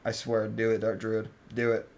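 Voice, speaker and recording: A man's voice: fairly low pitch, completely flat delivery, moderate pace, a little mellow. A young man streaming a game, chatting casually, joking around and swearing freely. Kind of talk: casual gaming stream chat.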